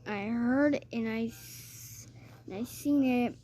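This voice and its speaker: A woman's voice: on the high side, takes it slowly, warm tone. A woman telling a rambling personal story in a chatty way, with fillers and restarts.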